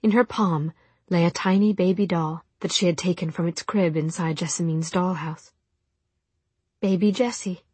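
A woman narrating an audiobook in soft, measured storytelling with a breathy voice. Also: on the low side, steady tone, no room sound. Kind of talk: scripted narration.

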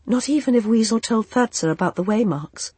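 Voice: mid-range voice, expressive, brisk, a little mellow, husky, no echo, pitched above the performer's own voice. Earnest young woman, formal speech, read by the narrator, audiobook character voice. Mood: urgent. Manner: precise, formal, uses no contractions.

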